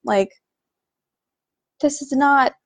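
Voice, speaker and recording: Female podcast host, casual sarcastic rant; slightly high, gravelly voice. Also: extremely slow, dry recording. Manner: exasperated, sarcastic, lots of "like". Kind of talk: casual ranting monologue.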